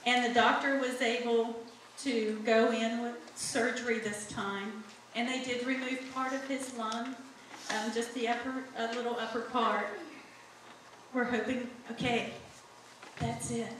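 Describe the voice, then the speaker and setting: A middle-aged woman talks slowly and earnestly, giving her testimony to a congregation. Her voice sits a little high and carries from a distance. The sound is very echoey, a sanctuary heard from across the room, with a faint hum behind it. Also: level tone, fairly bright tone. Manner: slow, earnest, speaks straight to the congregation. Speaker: church member giving testimony. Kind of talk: church testimony. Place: church sanctuary.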